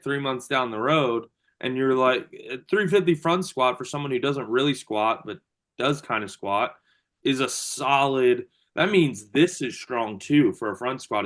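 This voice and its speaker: A man's voice: mid-range voice, a bit bright. Male coach, casual and chatty, lots of fillers, heard over a video call. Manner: loose and chatty, many fillers and restarts. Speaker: strength coach.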